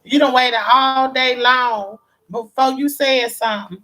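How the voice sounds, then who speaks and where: A woman's voice: high voice, steady tone, a little slow, bright, forceful tone. A woman hosting a live-stream call-in show, talking in a blunt, sassy, casual way. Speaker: host.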